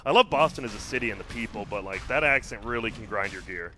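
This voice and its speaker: A man's voice: on the low side, animated, fast talker. A man co-casting an esports match, trading blunt, teasing banter with his partners. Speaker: esports color commentator. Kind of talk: casual banter between casting.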